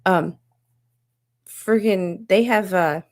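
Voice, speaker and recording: A woman's voice: lowish voice, extremely slow. A woman hosting a show, rambling in an unfiltered, exasperated rant and swearing freely. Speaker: podcast host.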